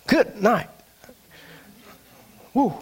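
A man preaching a sermon, animated, with dramatic swings in pitch and loudness. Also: extremely slow, husky.

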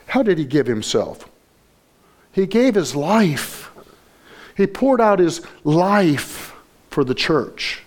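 A man preaching a sermon, emphatic and repetitive, building to forceful peaks. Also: a little high, big pitch swings, very slow, long pauses. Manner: emphatic preaching, repeats key phrases, rising to loud peaks. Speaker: pastor.

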